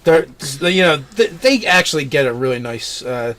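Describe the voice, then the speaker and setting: A man's voice: fairly high pitch, lively intonation, moderate pace, fairly bright tone. A man co-hosting a casual tabletop game chat, loose and enthusiastic, full of fillers and slang. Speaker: co-host.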